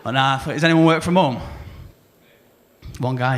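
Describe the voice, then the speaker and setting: A young man with a Salford accent doing a rambling stand-up set, laddish and quick to mimic people. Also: mid-range voice, a bit bright, a little hiss or hum. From Salford, England. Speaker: new act comedian. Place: comedy club stage.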